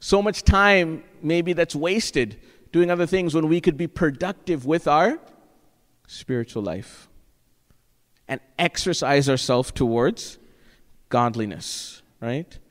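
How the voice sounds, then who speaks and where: A man's voice: on the high side, slow. A man preaching a sermon as pastor, earnest and exhorting, often checking in with the congregation with "right?". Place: church sanctuary. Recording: long church-hall reverb.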